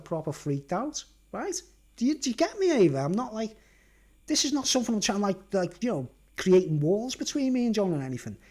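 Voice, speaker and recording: A man's voice: high-pitched, a little mellow, slightly rough. A man with a Merseyside accent telling a long story in a casual livestream monologue, stressing his points and checking in with the listener. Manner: emphatic, keeps asking "right?" and "do you understand?". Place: at home.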